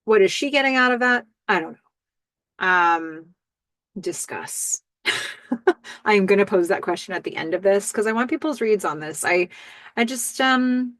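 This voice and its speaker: Speaking at a normal speed in a mid-range voice, a middle-aged woman recaps a TV episode on her podcast, with a dry, close sound and no echo. Her delivery is lively and full of enthusiasm.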